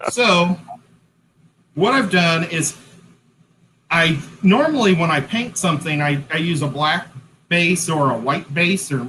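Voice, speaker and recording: Brief: male co-host, bright and fairly high voice, chatty livestream talk with faint background noise. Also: a little slow, long pauses, low-quality recording. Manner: chatty, self-correcting while setting up. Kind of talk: casual livestream chat. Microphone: headset-style hat cam mic.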